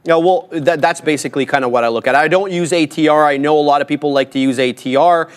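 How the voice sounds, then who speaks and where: A man's voice: on the high side, quick pace, clean tone. A man giving live trading commentary, muttering running remarks while he places trades on a stream.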